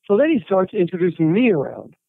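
A man, a writer and interview guest, telling animated anecdotes and quoting people as he goes. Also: high-pitched, fast talker, creaky, breathy edge, dry recording. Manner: animated anecdotes with quoted voices and laughter. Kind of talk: storytelling interview. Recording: tinny phone-like line.

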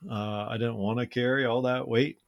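A man co-hosting a podcast, casually telling a personal story in a relaxed, conversational way, with frequent "man" and "uh" fillers. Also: medium pitch, moderate pace, vocal fry, dry recording, studio quality. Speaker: podcast co-host.

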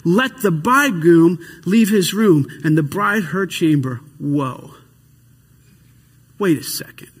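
A man's voice: on the high side, expressive, slow, slightly rough. Impassioned preacher man in a reverberant hall. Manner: impassioned, swings between hushed and shouted. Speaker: pastor. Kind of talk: sermon.

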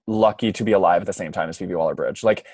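A man's voice: deep voice, quick pace, crowd noise. A man hosting a podcast in casual chat, gushing and full of fillers. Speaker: podcast host.

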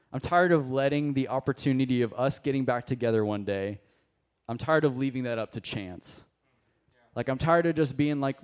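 A young pastor delivers a sermon during a church service, sharing a personal story casually and with animation while addressing the congregation head-on. His voice sits in the mid range.

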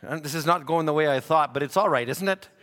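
A man with a high, bright, ringing voice preaches in a church, trading folksy anecdotes for fervent calls to his congregation. A long reverb hangs on every phrase. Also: fast talker. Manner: folksy storytelling, rising to fervent exhortation. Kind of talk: sermon. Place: church sanctuary.

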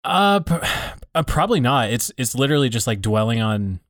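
A man from Montana co-hosts a podcast in casual talk. He restarts his sentences and repeats words as he thinks them through. His voice is mid-pitched and dry. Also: big pitch swings, fairly quick, fairly bright tone, no echo. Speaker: podcast co-host. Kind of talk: casual chat.

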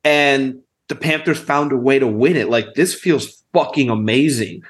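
A young man, a podcast co-host, breaking down hockey stats in quick, emphatic casual chat. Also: mid-range voice.

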